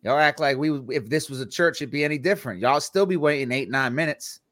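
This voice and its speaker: A young man hosting a casual Christian podcast, joking and animated, with preachy asides. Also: a little high, fast talker, dry recording, clean studio sound. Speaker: podcast host. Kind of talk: casual chat.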